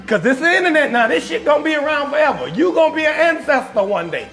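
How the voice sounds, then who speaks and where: A man with a Southern American accent, hosting a live-stream comedy show in a loud, profane, animated rant and calling out viewers from the chat. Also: extremely high pitch, quick pace, soft background music.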